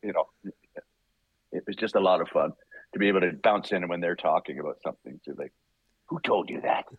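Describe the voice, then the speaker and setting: A male voice actor being interviewed, telling animated, rambling stories and laughing often. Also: sits low, fast talker, breathy edge, no room sound, phone-quality sound. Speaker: voice actor guest. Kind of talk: casual interview storytelling.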